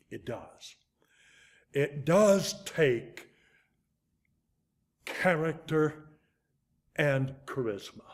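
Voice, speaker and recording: Older man preaching with dramatic swings. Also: mid-range voice. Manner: animated, dramatic swings in loudness and pace. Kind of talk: storytelling sermon.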